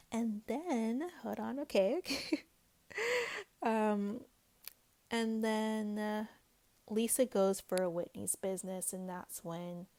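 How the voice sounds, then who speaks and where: A woman's voice: medium pitch, darkish tone. Chatty woman gossiping through a recap. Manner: chatty, swears freely, acts out quotes. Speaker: recap vlogger. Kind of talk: casual recap chat.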